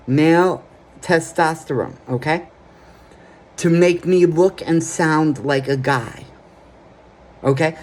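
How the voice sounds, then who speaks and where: A man with a somewhat high voice tells his own story to the camera in an earnest, plain-spoken confessional way. He talks slowly and keeps pausing to check in with "okay?" between his points. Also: darkish tone. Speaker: vlogger.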